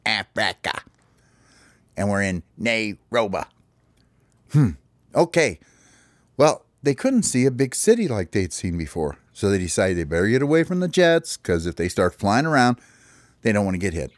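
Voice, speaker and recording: A man's voice: fairly low pitch, big pitch swings, normal speed, no room sound. A father making up a children's story as he goes, rambling and restarting with "well, anyway".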